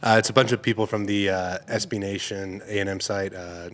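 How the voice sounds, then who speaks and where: A man's voice: lowish voice, fairly even intonation, brisk, a bit bright. A man guesting on a podcast, talking easygoing and rambling, with some self-deprecating humor. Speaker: guest, former college football player. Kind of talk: casual podcast conversation. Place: podcast studio, seated at a table.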